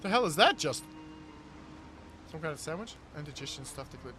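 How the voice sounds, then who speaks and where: A man's voice: a little high, very animated, brisk, background noise. A man, chatting casually with his live-stream viewers as he plays, reading chat aloud and laughing often. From New Zealand. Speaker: game streamer.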